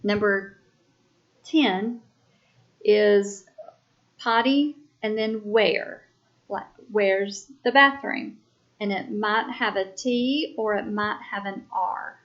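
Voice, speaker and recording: A woman teaching a sign language class, calling out quiz items slowly and deliberately, then explaining each sentence. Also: medium pitch. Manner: slow, deliberate, spells out each item. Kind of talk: slow classroom quiz dictation. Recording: dull lo-fi recording.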